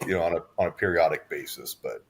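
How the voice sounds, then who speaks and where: A man's voice: low-pitched, quick pace, creaky. A man from Southern California, co-hosting a podcast in casual chat, rambling with restarts and fillers. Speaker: podcast co-host.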